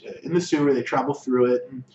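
A man co-hosting a podcast, recapping a show in casual chat and acting out characters' lines in quick asides. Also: medium pitch, steady tone, a little mellow. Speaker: podcast co-host. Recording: echoey, distant, dull lo-fi room mic with faint noise.

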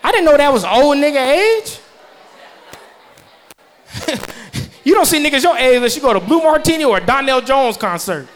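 High-pitched guy in his 30s doing stand-up, loud, cracks himself up, faint noise behind. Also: animated, fast. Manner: loud, laughing at his own jokes, profane banter with the crowd. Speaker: stand-up comedian. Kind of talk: stand-up comedy set. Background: audience laughter.

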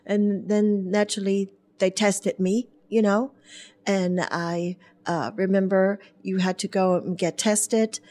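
Interview guest: woman, an animated storyteller who acts out voices and laughs a lot. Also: mid-range voice, slow pace. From Germany. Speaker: guest, hairdresser. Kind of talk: storytelling in a talk show interview.

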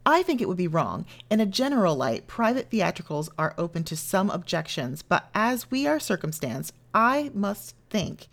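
Edmund, a woman doing a prim gentleman. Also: mid-range voice, sing-song, creaky. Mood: disapproving. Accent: put-on British. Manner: formal, measured reading. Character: stiff, proper young gentleman, disapproving.

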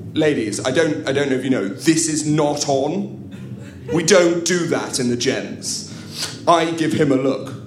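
A man's voice: medium pitch, a little hiss or hum. A man telling a comic story at a live show, theatrical and wry, turning to the audience for asides. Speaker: comedian storyteller. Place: live comedy venue. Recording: echoey room at a live show.

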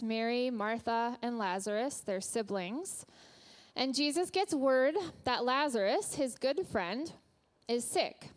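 A woman giving a personal sermon to a church congregation, candid and a little self-conscious, with light laughs and fillers. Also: on the high side. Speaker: guest speaker at church. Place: church hall before a congregation.

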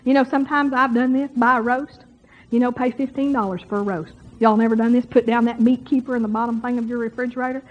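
A woman's voice: on the high side, fairly even intonation, fast. A woman preaching a sermon to a congregation in a folksy, chatty way, speaking straight to the crowd. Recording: dull lo-fi sermon recording.

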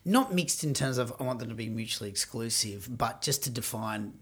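A man's voice: mid-range voice, expressive, a little fast, fairly bright tone, breathy edge. A man interviewing a guest, with lots of encouraging backchannels and long winding questions. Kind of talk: casual interview.

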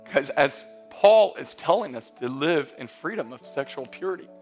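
A man in his thirties preaching a sermon as pastor, emphatic and building to loud peaks, mixing in humorous stories. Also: fairly high pitch, lively intonation, moderate pace, faint music behind. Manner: emphatic, rising to near-shouting peaks; storytelling with humor and quoted voices.

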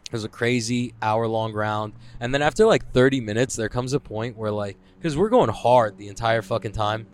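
A man's voice: medium pitch, normal speed, hardly any pauses, slight background noise. A man hosting a casual solo podcast from his car while driving, talking in a profane, rambling, self-mocking way. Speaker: podcast host. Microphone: headphones with mic.

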